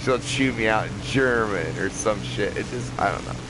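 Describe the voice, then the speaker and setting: A man's voice: fairly low pitch, normal speed. A man giving casual, profane gameplay commentary, rambling and laughing often. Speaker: gamer playing a flight combat game. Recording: game noise in the background.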